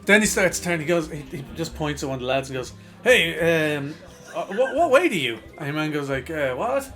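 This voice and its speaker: A young Irish man co-hosts a podcast, speaking a little fast in a fairly high, somewhat bright voice with faint music behind him. He tells crude, casual stories full of swearing and laughter, acting out the voices of the people involved.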